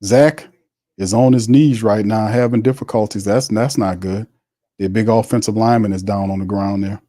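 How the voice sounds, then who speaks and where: A man hosting a live football watch party, calling plays and chatting with viewers in a loose, excitable way. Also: fairly low pitch, moderate pace, no room sound, clean studio sound. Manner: excitable on big hits. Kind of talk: casual live-stream play-by-play.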